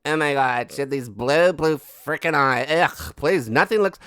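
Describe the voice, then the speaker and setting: A man putting on a mocking impression of a whiny, dramatic woman, loud and drawn-out. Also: fairly high pitch, clean tone, dry recording, clean studio sound. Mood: exasperated. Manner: exaggerated, sighing, loud and drawn-out.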